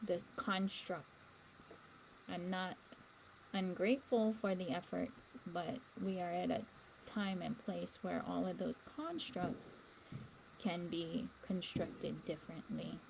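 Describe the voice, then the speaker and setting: A woman's voice: fairly low pitch, steady tone, slow pace, vocal fry, darkish tone, slight background noise, rough recording. A woman hosting a spiritual livestream, talking earnestly and rambling with fillers. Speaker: livestream host. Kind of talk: casual spiritual talk.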